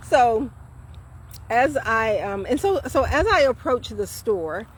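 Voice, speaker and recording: A woman in her fifties, a vlog host, casually retelling a story in a chatty, animated way with fillers. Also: fairly high pitch, takes it slowly, a little hiss or hum. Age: 50s.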